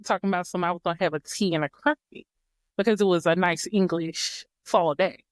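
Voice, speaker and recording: A woman's voice: on the low side, a little fast, dry recording, studio quality. A woman guest on a podcast, telling stories in a laid-back, joking way. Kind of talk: casual chat.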